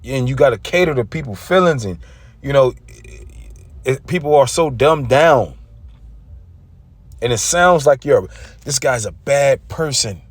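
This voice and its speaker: A man's voice: mid-range voice, animated, a little slow, pauses often, slightly rough, no room sound. A man giving an intense, casual religious rant, often stumbling and repeating himself. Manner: intense, repetitive, stumbling over words.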